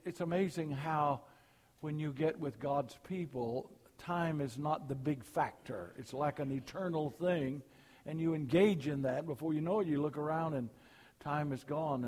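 A man's voice: medium pitch, a little mellow, long reverb tail. An older man from Alabama, a preacher giving a folksy sermon full of jokes at a church meeting. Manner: folksy, storytelling.

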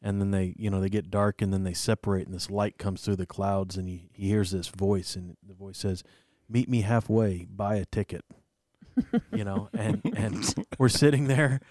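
A man's voice: deep voice, steady tone, normal speed, a little mellow, dry recording, clean studio sound. A man co-hosting a faith podcast, rambling and self-deprecating, full of fillers as he tells a story. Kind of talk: casual faith chat.

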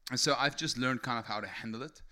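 Speaking at a quick pace in a mid-range voice, a man preaches; his tone moves from casual talk to impassioned shouting.

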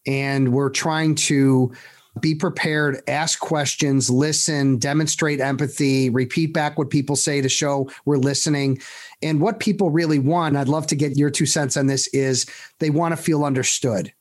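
A man's voice: a little high, unhurried. Talkative man hosting a podcast. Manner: energetic storyteller, many fillers and restarts. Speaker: podcast host. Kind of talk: casual interview.

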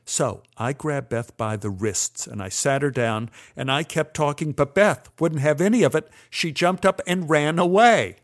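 A man's voice: on the high side, measured pace, hardly any pauses. An older man telling a personal story in a wry, dryly humorous way. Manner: wry, dry humor with acted-out quotes.

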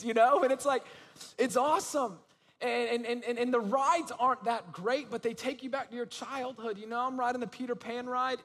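A man's voice: high-pitched, a bit bright, big-room sound. A young adult man giving a casual, conversational sermon, telling a story with many asides to the audience. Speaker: preacher.

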